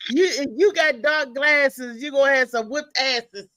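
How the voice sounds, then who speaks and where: A woman hosting a live talk show, chatting in a lively, slangy way and laughing often. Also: high voice, dry recording, poor audio. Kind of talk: casual live show chat.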